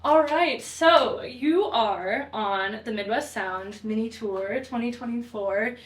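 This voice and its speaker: A woman's voice: a little high, takes it slowly. A young woman hosting a casual interview, upbeat and chatty, often agreeing with her guest. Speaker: interviewer, show host. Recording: echoey room.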